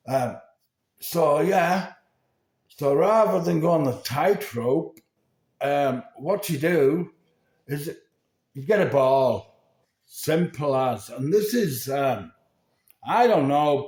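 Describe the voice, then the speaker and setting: Older English man in his sixties, slow rambling vlogger, fairly high voice, echoey room. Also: animated, darkish tone. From England. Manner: rambling, sweary, keeps checking in with "yeah?". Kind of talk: rambling monologue to camera.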